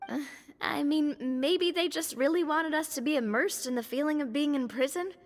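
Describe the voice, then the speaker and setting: A wry young adventurer. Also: female voice, sits high, normal speed. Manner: calm, wry, reassuring. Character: bold young female adventurer, playful and steady.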